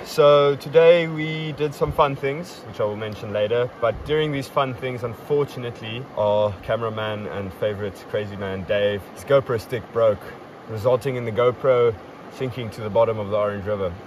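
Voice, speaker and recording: A man's voice: medium pitch, normal speed. A young man hosting a casual podcast outdoors, recapping a river trip in an upbeat, playfully boastful way. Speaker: podcast host. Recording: distant mic, outdoor traffic noise.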